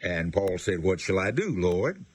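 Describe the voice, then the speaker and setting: Male Bible teacher, very low and husky, reads verses then explains them plainly. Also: very animated, measured pace, no echo.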